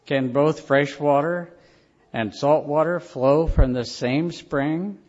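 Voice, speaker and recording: A man's voice: a little high, darkish tone. Earnest preacher man, lo-fi sound. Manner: earnest storytelling preacher, slow emphatic phrases. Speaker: pastor. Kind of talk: sermon. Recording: dull lo-fi recording.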